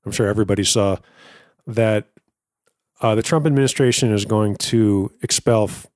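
A man's voice: fairly low pitch, normal speed, darkish tone, no echo, clean studio sound. A man co-hosting a podcast, giving blunt, joking opinions in casual talk. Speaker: podcast co-host. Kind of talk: casual political chat.

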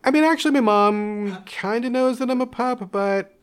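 A young man telling a candid personal story in an interview, animated, acting out his parents' voices and laughing often. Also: very high voice, normal speed, clean tone. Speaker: interview guest.

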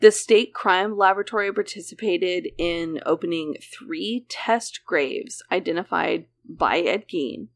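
A woman casually recounting a true crime case as a podcast host, mixing read details with chatty asides. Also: medium pitch. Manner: conversational, reading case details with frequent "like".

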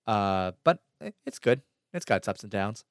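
Low-voiced young man hosting casually. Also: very animated, moderate pace, no echo, studio quality. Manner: laughs easily, reads news with fillers. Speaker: podcast host. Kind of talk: casual chat.

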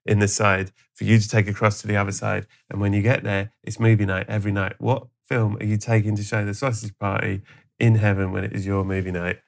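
A man hosting a podcast, spinning absurd comic stories and dropping into hushed voices for the people in them. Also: lowish voice, flat delivery, fairly quick, creaky. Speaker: podcast host. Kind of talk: comic storytelling chat.

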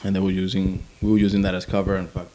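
A man's voice: sits low, racing, noisy background. A man, an army veteran, telling a war story in casual, profane talk and acting out quotes. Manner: profane, animated, acts out quotes.

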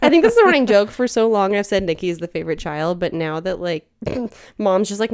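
Young woman co-host, expressive swinging voice, casual and laughing, dry close mic. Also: mid-range voice, quick pace, no echo. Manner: animated storyteller, laughing often. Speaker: podcast co-host. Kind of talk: casual chat.

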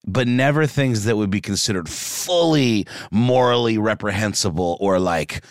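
A man's voice: on the low side, moderate pace, no echo, studio quality. A man co-hosting a podcast in casual chat, rambling into joking asides with plenty of fillers. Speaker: podcast co-host.

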